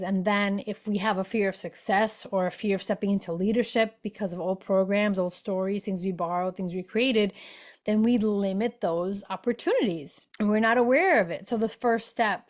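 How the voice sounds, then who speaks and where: A middle-aged woman hosts a spiritual podcast in a relaxed, conversational way. She acts out the voices she quotes, with animated swings in pitch and loudness. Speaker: podcast host. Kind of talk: casual spiritual podcast talk.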